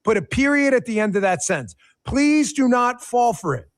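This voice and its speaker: A man's voice: extremely high pitch, sing-song, normal speed. A middle-aged man hosting a political talk show, giving emphatic, sarcastic commentary and speaking straight to his viewers.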